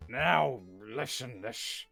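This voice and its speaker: A man's voice: medium pitch, very slow, gravelly, music in the background, full character voice. A man voicing a drunken male bird police inspector in a video game, slurring, rambling and stammering over his words.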